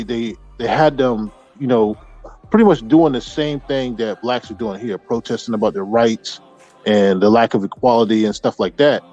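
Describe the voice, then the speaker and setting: A man's voice: on the low side, a little mellow. A man talking casually as podcast host, rambling with lots of restarts and fillers. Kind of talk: casual chat. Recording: dull lo-fi audio.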